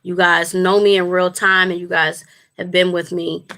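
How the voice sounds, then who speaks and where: A woman's voice: fairly low pitch, level tone, normal speed, pushed and bright. A woman, a spiritual life coach, talking casually and earnestly to her longtime viewers on a livestream, rambling with fillers and restarts.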